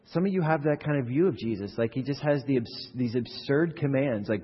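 A man preaching a sermon as pastor, animated and acting out quoted voices, with frequent repeated words. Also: medium pitch, fast talker, hardly any pauses, breathy edge. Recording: muffled hall recording from a distance.

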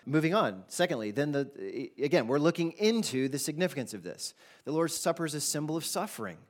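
A man preaching a sermon as pastor, in a conversational, animated way with casual asides. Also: on the high side, brisk.

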